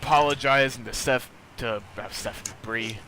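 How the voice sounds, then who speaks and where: A man's voice: medium pitch, moderate pace, background noise. A young man hosting a podcast, rambling loosely through news in a casual, joking chat. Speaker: podcast host.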